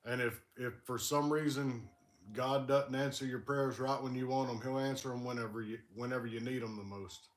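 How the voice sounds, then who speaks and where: A man's voice: mid-range voice, steady tone, moderate pace, echoey room. A man hosting a livestream, chatting casually and talking about faith in an earnest, encouraging way. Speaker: livestream host. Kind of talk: casual chat.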